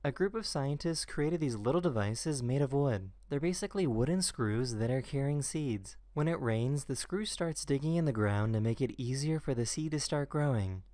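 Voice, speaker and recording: A man giving scripted narration that introduces short internet clips one by one, in an even, matter-of-fact delivery. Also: mid-range voice, moderate pace, few pauses. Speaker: video narrator.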